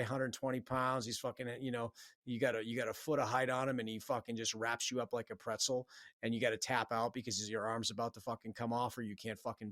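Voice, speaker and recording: A man's voice: mid-range voice, fairly bright tone, no room sound, studio quality. A man hosting a solo podcast, giving a blunt, profane, fired-up pep talk. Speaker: podcast host. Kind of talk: solo motivational podcast monologue.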